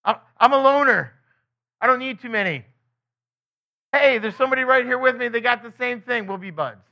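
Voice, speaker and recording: A gruff, hardened loner who brushes everyone off, as a preacher puts him on. The voice is high and a little louder than the preacher's usual talk. The recording is dull and lo-fi. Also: male voice, a little fast. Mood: dismissive. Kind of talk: acted quote within a sermon.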